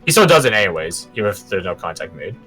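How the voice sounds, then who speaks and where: Low-voiced man running a tabletop game. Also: sing-song, fast, bright, forceful tone, breathy edge, soft background music. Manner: casual, joking, swears. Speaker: game master.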